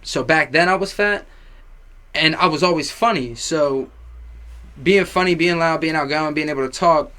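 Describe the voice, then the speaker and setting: A young man with a slightly high voice tells a rowdy story in relaxed conversation. He swears freely and acts out the people he quotes. His voice swings from loud bursts to quiet asides. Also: normal speed. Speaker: guest. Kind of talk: casual chat.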